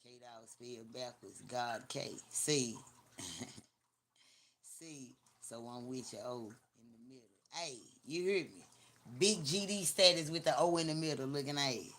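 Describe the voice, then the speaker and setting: Her voice is very deep, a little slow and fairly bright as this livestream host from Memphis, Tennessee talks. She has a Southern accent and keeps things casual, blunt, slangy, teasing and repetitive.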